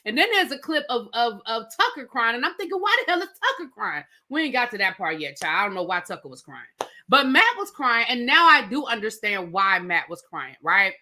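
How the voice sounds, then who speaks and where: A woman with a slightly high, brisk voice recaps a reality show in a casual, slangy way. She animatedly acts out what the cast members said and tosses in slangy asides.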